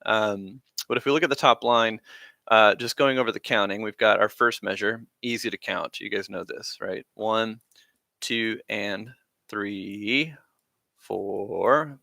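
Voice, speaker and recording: A man teaches a band class on a live stream, explaining rhythms in a casual, rambling way full of fillers. His voice sits on the low side, creaky and bright with a forceful tone, steady and at a moderate pace, in a dry, clean studio recording.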